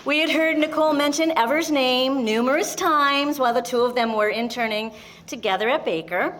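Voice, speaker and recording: Middle-aged mother of the bride, light joking welcome, slightly high voice. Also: normal speed, fairly bright tone, a faint crowd, a little hiss or hum. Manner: self-deprecating and chatty, reading a welcome partly in Spanish. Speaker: mother of the bride giving a wedding speech. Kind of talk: wedding reception speech.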